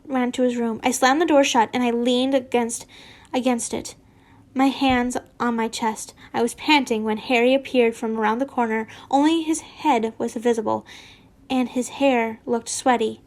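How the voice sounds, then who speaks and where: A woman's voice: a little high, fairly even intonation, moderate pace. A woman casually reading fan fiction aloud, giggling and stumbling over words and correcting herself.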